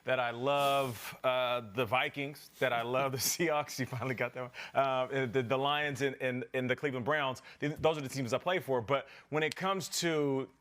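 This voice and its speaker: A man in his thirties, a former pro football player co-hosting a sports show, telling a story in a lively way and acting out other people's lines. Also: moderate pace, hardly any pauses. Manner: lively storyteller, acts out quotes in a higher heckler voice. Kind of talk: animated storytelling chat.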